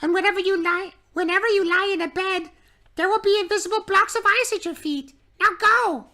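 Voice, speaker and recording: A man's voice: very high voice, a little fast, bright, forceful tone, voice pushed up, full character voice. A man voicing a cruel, imperious witch queen in a storybook read-aloud, speaking scornfully and with command.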